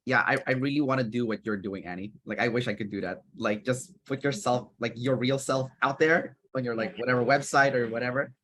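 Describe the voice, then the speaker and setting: A man interviewing guests in casual conversation, with a voice of ordinary pitch. He keeps a friendly, easygoing tone and laughs along with them. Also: fairly even intonation, a little fast, hardly any pauses, a bit bright, slight background noise.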